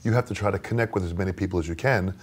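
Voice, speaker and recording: Male interviewer, low husky voice, encouraging conversational questions. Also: very fast. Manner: warm, encouraging, restarts questions.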